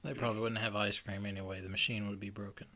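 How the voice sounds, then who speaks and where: A man's voice: on the low side, little pitch movement, quick pace, pushed and bright. A man co-hosting a casual podcast, laid-back and teasing. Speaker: podcast co-host.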